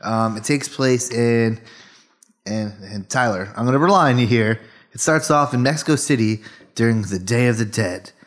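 A man's voice: medium pitch, normal speed. A man co-hosting a podcast, chatting casually in a loose, rambling way full of fillers. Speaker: podcast co-host. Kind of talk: casual chat.

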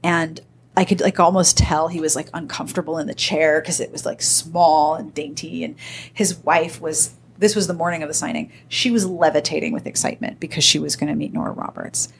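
A woman with a somewhat low voice talks in a relaxed, chatty way, spinning anecdotes for her co-hosts. She is animated, slipping in little voices for the people in her stories. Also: a little fast, gravelly, a little hiss or hum. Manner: animated storyteller acting out quoted people. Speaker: podcast co-host. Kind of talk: casual storytelling chat.

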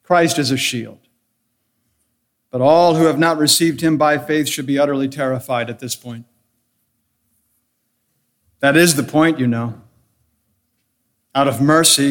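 A pastor delivering a solemn, measured sermon, leaning on deliberate repetition for emphasis. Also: male voice, a little high.

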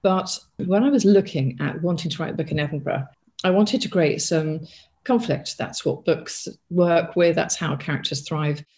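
A middle-aged woman speaks with a noticeable gravelly fry in her voice. She is an author answering an interviewer's questions. She thinks aloud, backtracks and restarts her sentences. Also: low-pitched, normal speed, darkish tone. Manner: thoughtful, with frequent restarts and asides.

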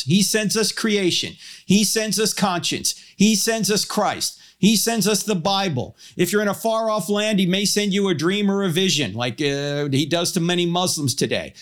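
A man giving a public talk on Christian theology, animated, shifting his pace and pitch for emphasis and telling stories with humor. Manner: storytelling with humor. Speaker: Christian apologist speaker.

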